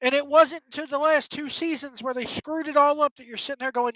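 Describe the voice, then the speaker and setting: A woman's voice: sits high, fairly even intonation, brisk, fairly bright tone, dry recording. A woman hosting a wrestling talk show, delivering a blunt, profane, exasperated solo rant. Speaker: wrestling commentary host. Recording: dull, dry lo-fi sound.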